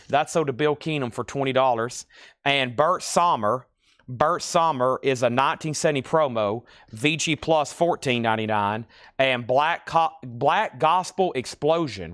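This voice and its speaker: A man's voice: mid-range voice, a bit bright, smooth, no room sound, studio quality. A man hosting a live record sale, chatty, rattling off titles and prices between side stories.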